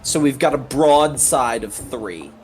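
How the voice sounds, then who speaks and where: A man playing a tabletop game, chatting in an unhurried, playful way and searching for his words. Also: medium pitch, expressive, darkish tone, faint music behind. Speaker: player. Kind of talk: casual chat at a tabletop game.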